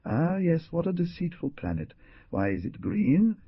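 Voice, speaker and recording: A man's voice: fairly high pitch, big pitch swings, normal speed, slightly rough, no room sound, pitched above the performer's own voice, full character voice. A man voicing a tortured young male prisoner who rants with feverish sarcasm, in a storybook reading. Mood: raving. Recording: dull lo-fi dry recording.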